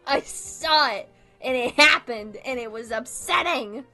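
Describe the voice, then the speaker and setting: A woman's voice: high voice, a little slow, bright, forceful tone, faint music behind. A young woman in casual chat, ranting about a film in an exasperated way, swearing often and laughing as she goes. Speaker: video creator. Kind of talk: casual chat, movie rant.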